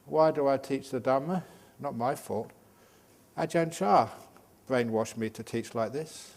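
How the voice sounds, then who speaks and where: Older monk giving a joking Dhamma talk. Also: male voice, medium pitch, unhurried, creaky. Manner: humorous, lively, joking teaching style. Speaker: Buddhist monk and meditation teacher. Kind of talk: Dhamma talk at a day retreat.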